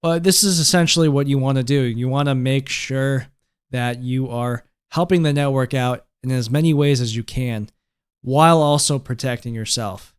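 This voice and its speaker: A man's voice: mid-range voice, moderate pace, clear, resonant tone. A man hosting a casual tech tutorial, explaining things conversationally and checking in with the viewer with "right?" and "okay?". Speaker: host.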